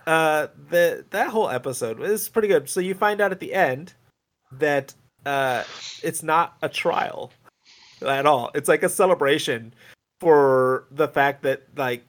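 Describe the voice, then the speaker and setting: A man's voice: a little high, a little slow, a bit bright. A man co-hosting a podcast, casually retelling a cartoon episode with lots of fillers. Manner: rambling retelling with many fillers. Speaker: podcast co-host. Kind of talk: casual chat.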